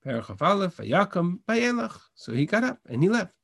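A man's voice: high-pitched, very animated, normal speed, gravelly, fairly bright tone, husky, no echo, clean studio sound. A man teaching a Bible class over a video call, reading verses in Hebrew and translating them with frequent restarts. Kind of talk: online text study lesson.

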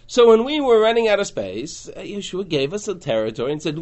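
Animated high-pitched man lecturing. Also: a little fast, hardly any pauses. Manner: animated, acts out voices in quotes, rising and falling in loudness. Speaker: teacher. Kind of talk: lecture on a biblical book.

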